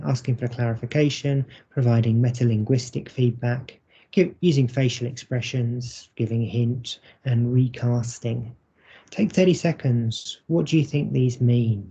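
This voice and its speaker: A man giving a recorded teaching workshop, talking in a measured, explanatory way. His voice is dark and a little husky, with some gravel at the ends of phrases. The audio is dull and lo-fi. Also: mid-range voice. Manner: measured, explanatory, many ums. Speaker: university English teacher. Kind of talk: recorded conference workshop presentation.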